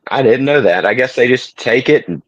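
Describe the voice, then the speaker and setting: A man with a soft Southern accent, co-hosting a podcast in easygoing, casual chat. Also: mid-range voice, expressive, fairly quick, dry recording, muffled recording. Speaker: podcast co-host.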